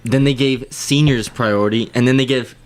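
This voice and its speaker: A young man in his twenties co-hosting a casual chat, crude and quick to joke. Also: mid-range voice, fairly even intonation. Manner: crude, joking, quick to laugh. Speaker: co-host.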